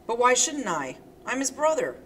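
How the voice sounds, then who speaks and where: A woman's voice: on the high side, very animated, moderate pace, a bit bright, slight background noise, voice pushed up. A woman reading a strained, cornered man. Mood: uneasy.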